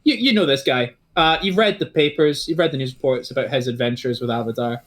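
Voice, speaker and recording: A man's voice: medium pitch, quick pace, a bit bright. A man running a tabletop game as game master, rambling with many fillers and restarts.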